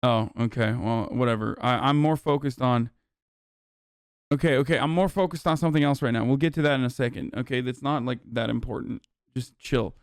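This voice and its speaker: A man's voice: mid-range voice, a little fast, clean tone, no echo, clean studio sound. A man doing livestream political commentary, heated and profane, rambling through restarts as he reacts to chat. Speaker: political streamer.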